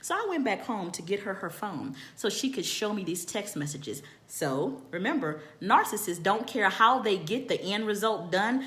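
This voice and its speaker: A woman telling a personal story in a candid, animated and profane way, often repeating phrases for emphasis. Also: mid-range voice, moderate pace, hardly any pauses. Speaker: storytelling vlogger.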